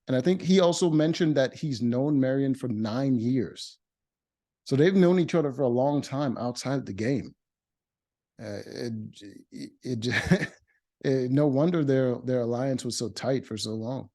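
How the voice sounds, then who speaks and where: Mellow-voiced man recapping a reality show. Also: medium pitch, unhurried. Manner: blunt and opinionated, many fillers and restarts. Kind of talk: casual recap commentary.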